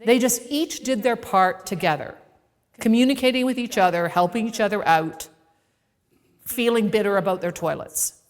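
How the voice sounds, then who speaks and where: A woman speaker telling a personal story to a live audience in a playful, animated way, acting out the voices in it. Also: mid-range voice, normal speed, long reverb tail. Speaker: keynote speaker. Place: event venue with a live audience.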